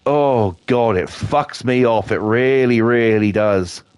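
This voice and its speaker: A man's voice: medium pitch, slow pace, a little mellow, clean tone, dry recording. A middle-aged British man ranting sarcastically, telling swear-filled everyday stories while streaming a game. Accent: British English. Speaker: livestreamer. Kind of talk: casual ranting chat.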